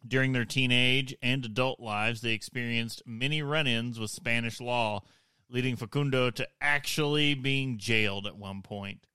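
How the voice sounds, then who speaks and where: A man with a bright, crisp voice hosts a casual podcast, reading history notes and cutting in with quick jokes and laughs. The sound is dry and close. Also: medium pitch, fairly even intonation, dry recording. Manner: laughs often, reads then jokes aside. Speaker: podcast host.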